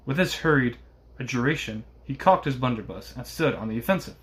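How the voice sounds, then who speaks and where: A man reading a classic novel aloud in a steady voice, with occasional small slips. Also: medium pitch, a little fast. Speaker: reader.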